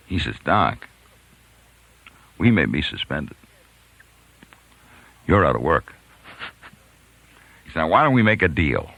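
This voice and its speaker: A deep, low-pitched man spins a yarn with a lively, rising and falling voice that leaps up when he acts out the people in it. His tone is bright and forceful, and the recording is dry and close. He laughs now and then as he tells it, like a practiced radio storyteller. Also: slow, gravelly, long pauses, dry recording, poor audio. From New York. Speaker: radio host telling a story. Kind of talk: storytelling monologue.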